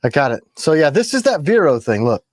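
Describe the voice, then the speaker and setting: A man, hosting a casual knife livestream from a room at home, joking and swinging his pitch up and down. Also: very animated, fairly quick, no room sound, clean studio sound. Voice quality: gravelly.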